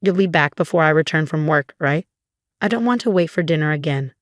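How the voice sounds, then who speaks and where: A woman reading the part of a cold, controlling husband who talks down to his wife. The voice sits a bit low and sounds dry and close, with no room around it. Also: animated, fairly quick, no room sound. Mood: cold, demanding.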